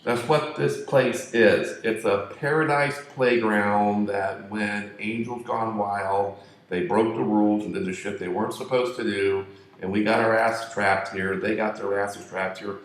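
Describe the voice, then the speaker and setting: A man's voice: on the low side, steady tone, unhurried. A man telling a crude, profane, joking story in a rambling monologue. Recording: echoey room.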